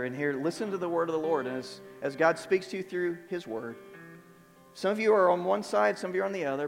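A man preaching a sermon as pastor, earnest and repetitive, moving between quiet and emphatic passages. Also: on the high side, long reverb tail. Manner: earnest, repeats words, swings between soft and emphatic. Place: church sanctuary.

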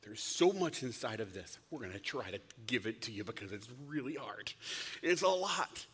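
A male pastor giving a casual, conversational sermon, lively and acting out the lines he quotes. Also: medium pitch, moderate pace, slightly rough. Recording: long hall reverb.

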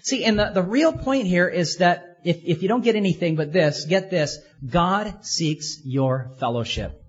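Husky high-voiced man preaching a sermon. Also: lively intonation, a little slow, lo-fi sound. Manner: earnest, asks many rhetorical questions.

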